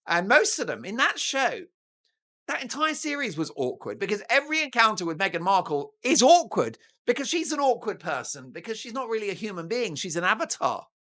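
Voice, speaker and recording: British male talk host, mocking and theatrical, lively swings in pitch, bright voice. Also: a little fast. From Britain. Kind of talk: opinionated news commentary.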